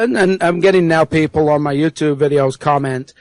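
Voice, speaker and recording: English-born man, Yorkshire twang worn by American years, earnest guest who pauses often, dry close recording. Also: fairly high pitch, fairly even intonation, a little mellow, no echo, poor audio. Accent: Yorkshire mixed with American. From England. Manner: earnest, halting, many fillers. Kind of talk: casual interview.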